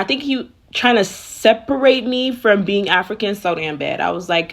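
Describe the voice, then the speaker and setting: A woman's voice: fairly high pitch, normal speed, few pauses, a little hiss or hum. A young woman from Nigeria telling a personal story as a casual rant, slangy and blunt, swearing freely.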